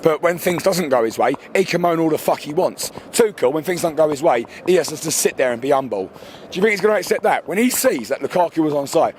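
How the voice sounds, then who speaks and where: A man's voice: on the high side, expressive, quick pace, a little hiss or hum. A man, ranting furiously and swearing as a football fan outdoors after a match. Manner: furious, sweary, shouting over himself. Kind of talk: angry fan rant.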